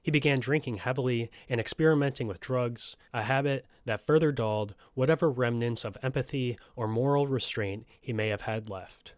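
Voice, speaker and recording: A male podcast host narrates a true crime story at a mid-range pitch. He reads from a script but drops into casual, swearing asides. The sound is close and dry, with no room reverb. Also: normal speed, hardly any pauses. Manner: profane, joking asides between scripted passages.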